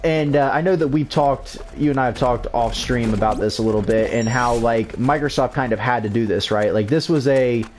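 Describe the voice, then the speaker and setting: A man's voice: medium pitch, fairly quick, hardly any pauses, darkish tone, slight background noise. A man hosting a casual livestream, talking loosely and often repeating words and restarting sentences. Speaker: streamer host.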